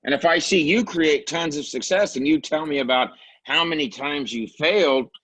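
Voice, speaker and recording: A man's voice: fairly high pitch, moderate pace, a bit bright, no echo. A man in a casual roundtable chat, speaking in an affirming, matter-of-fact way, with slightly dull lo-fi audio.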